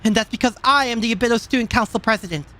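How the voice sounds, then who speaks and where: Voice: medium pitch, very fast, pushed and bright, close to an everyday voice. A streamer voicing a stern young schoolgirl student council president in a raised, firm tone.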